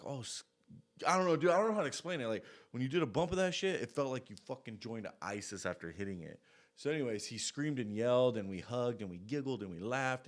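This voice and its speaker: Man, casual monologue storyteller, profane and rambling, lots of asides. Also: lowish voice.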